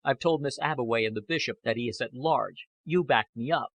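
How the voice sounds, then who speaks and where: A man voicing a cold, scheming man who answers curtly and evasively, in a husky voice. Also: mid-range voice, dry recording. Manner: measured, curt replies.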